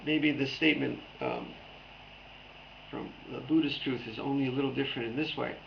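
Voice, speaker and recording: A man's voice: mid-range voice, moderate pace, creaky, lo-fi sound, slight background noise. A man giving a playful dharma talk as a Zen teacher, repeating phrases back and forth.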